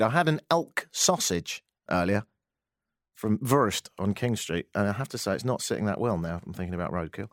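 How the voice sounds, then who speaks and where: A man hosting a talk radio show, rambling through a monologue with a wry, self-mocking streak. His pitch jumps up and down a lot as he talks. The studio sound is dry and close, with no room echo.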